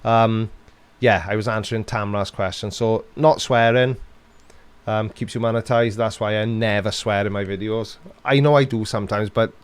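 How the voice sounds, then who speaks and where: Wry low-voiced Welsh man. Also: fairly even intonation, moderate pace, clear, resonant tone. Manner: dry, sarcastic humour with frequent laughs. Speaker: live-stream host answering chat questions. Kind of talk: casual live-stream Q&A.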